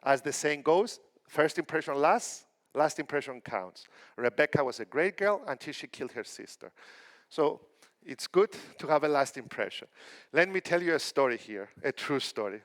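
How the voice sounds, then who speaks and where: Speaking at a normal speed with a fairly high pitch, this middle-aged man from Cyprus gives a keynote at a conference. His storytelling is animated, with quotes performed in character.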